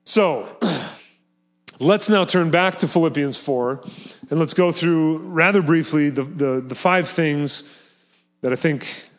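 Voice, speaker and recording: A pastor delivering a sermon with earnest, emphatic force. His voice sits a bit higher than most men's. He often repeats key words and phrases to press a point home. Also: slow pace, long pauses.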